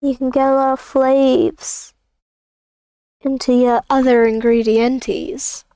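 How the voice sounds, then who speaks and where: Playful high-voiced woman streamer. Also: flat delivery, slow, warm tone, smooth, no echo, studio quality. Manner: rambling, playful, jokey asides. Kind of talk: casual livestream chat while drawing.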